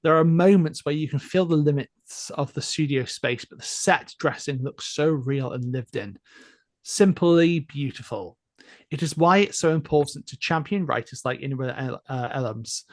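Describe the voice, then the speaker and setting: A man's voice: a little high, dry recording, clean studio sound. A man co-hosting a casual podcast, reading listener emails aloud with enthusiastic, chatty energy. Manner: enthusiastic, chatty, laughs often.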